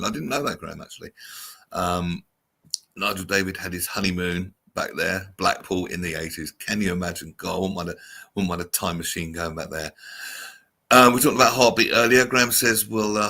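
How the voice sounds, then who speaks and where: Chatty male host, gravelly, husky, lowish voice. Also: bright, forceful tone. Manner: chatty, reads out viewer comments. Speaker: show host. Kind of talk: casual chat show.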